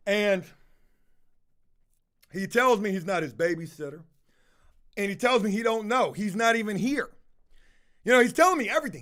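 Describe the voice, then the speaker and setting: A man's voice: high-pitched, animated, moderate pace, pauses often, fairly bright tone. A man telling a heated, profanity-heavy story in a casual monologue with lots of emphasis.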